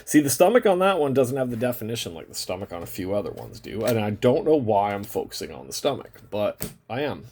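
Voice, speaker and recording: A man's voice: lowish voice, very animated, brisk, few pauses, a little mellow, slight background noise. A man hosting a card-opening video in casual chat, rambling and swearing now and then, drawing out the ends of his phrases. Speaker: card-opening channel host. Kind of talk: casual chat while opening trading cards.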